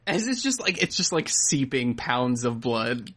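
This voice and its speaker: A man's voice: mid-range voice, sing-song, unhurried, sharp tone. A man co-hosting a casual recap podcast, rambling and cracking dry, profane jokes. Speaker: podcast co-host.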